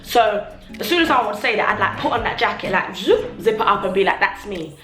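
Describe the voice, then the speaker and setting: Young woman, bright voice, chatty vlog, roomy echo, faint music. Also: medium pitch, expressive, a little fast. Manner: chatty, filler-heavy, acts out remembered remarks. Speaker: vlogger. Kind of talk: casual confessional vlog.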